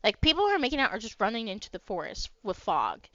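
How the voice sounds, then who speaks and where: A woman's voice: medium pitch, very animated, fast, fairly bright tone, no room sound. A young woman narrating as game master of a tabletop game, rambling with lots of fillers. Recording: dry, dull lo-fi mic.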